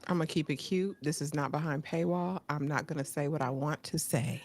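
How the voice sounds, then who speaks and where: A woman's voice: low-pitched, brisk. A young woman co-hosting a casual watch-along show, goofy, blunt and giggly. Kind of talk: casual group chat reacting to a show.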